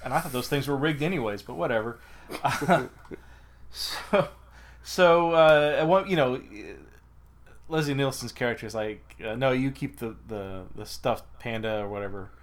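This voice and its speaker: A man's voice: medium pitch, normal speed. A man co-hosting a podcast in casual chat, rambling with frequent laughs. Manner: rambling, many fillers and restarts, laughs while talking. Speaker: podcast co-host.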